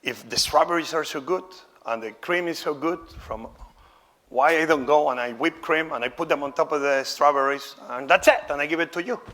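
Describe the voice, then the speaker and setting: Bright-voiced showman chef, non-native speaker. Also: a little high, a little fast. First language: not English. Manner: showman-like, exclaiming, then candid and conversational. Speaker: chef giving a demonstration lecture. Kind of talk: live cooking demonstration talk.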